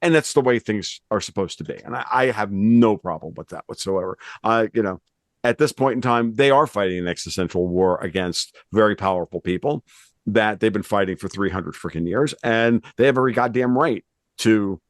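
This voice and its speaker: A man's voice: lowish voice, a little fast, no echo. A man from the United States, a political commentator who talks bluntly in a casual discussion, swearing and restarting his sentences.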